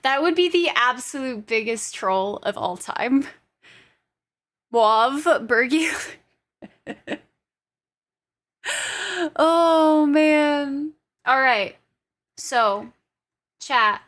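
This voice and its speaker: A woman's voice: sits high, lively intonation, drawn-out words, pauses often, fairly bright tone. A young adult woman streamer chatting casually with her viewers. She giggles often and swears freely.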